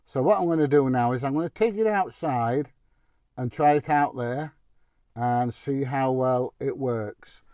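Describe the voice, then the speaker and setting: A man's voice: mid-range voice, a little slow, mellow. A British man chatting casually in a product review vlog, rambling with plenty of fillers. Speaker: vlogger. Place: inside a vehicle, then at a computer.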